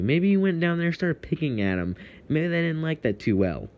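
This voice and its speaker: A man's voice: fairly low pitch, sing-song, moderate pace, lo-fi sound. A young man from Texas with a Texan accent, ranting heatedly to camera in a profane, confrontational vlog monologue.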